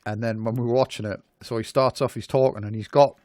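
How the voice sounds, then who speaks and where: A man's voice: medium pitch, fairly even intonation, quick pace, darkish tone, dry recording, clean studio sound. A man co-hosting a podcast, reviewing a film in rambling, amused casual chat full of fillers. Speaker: podcast co-host.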